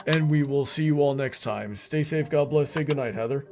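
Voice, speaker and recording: A man's voice: medium pitch, normal speed, a little mellow. A man hosting a casual livestream chat, rambling along with lots of fillers and restarts. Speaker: livestream host.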